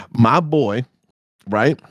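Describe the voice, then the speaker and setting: A man hosting a podcast, telling a story in a casual, profane way and jumping into high-pitched reactions. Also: very slow, fairly bright tone, no room sound, clean studio sound. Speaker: podcast host.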